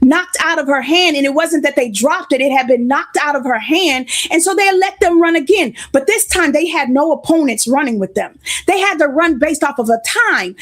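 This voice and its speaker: A woman preaching a sermon, slightly congested and sniffling, telling stories and greeting viewers by name. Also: sits high.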